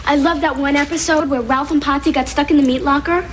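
A young woman playing a bubbly, high-voiced daughter. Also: steady tone, quick pace, slight background noise, natural voice. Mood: chatty. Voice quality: bubbly, rambling. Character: chatty, guileless young daughter. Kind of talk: sitcom acting.

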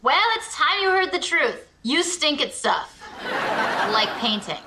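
A woman delivers sitcom lines with deadpan sarcasm. Her voice sits very high and swings widely in pitch. A loud hiss runs under the recording. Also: a little slow. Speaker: sitcom character. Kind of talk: sitcom dialogue.

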